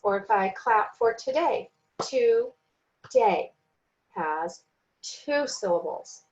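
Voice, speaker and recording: Woman, training lesson, fairly high pitch, deliberate pace, sounds out syllables, slightly dull recording. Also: expressive. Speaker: teacher trainer.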